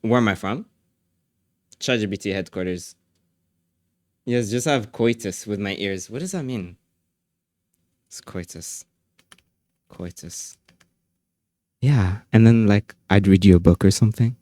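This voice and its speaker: A man's voice: on the low side, unhurried, pauses often, warm tone, dry recording, studio quality. A man streaming live, chatting casually with his viewers, joking, laughing often and filling his talk with "like".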